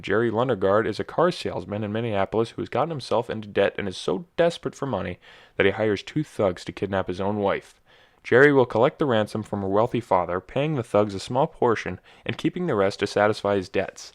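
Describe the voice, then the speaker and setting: Young man, podcast host, low voice, rambling, jokey, self-correcting, casual monologue. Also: brisk.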